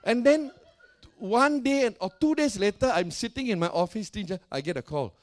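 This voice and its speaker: Animated high-voiced preacher. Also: male voice, moderate pace. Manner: animated, laughing, swings between loud and soft. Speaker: pastor. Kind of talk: storytelling sermon.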